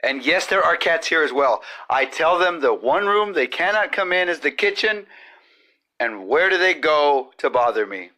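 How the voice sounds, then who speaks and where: Cooking is happening in the home kitchen where a man hosts his comedy podcast, rambling through a crude monologue of profane jokes. His voice is a little high and bright, with a forceful tone, lively intonation and a moderate pace.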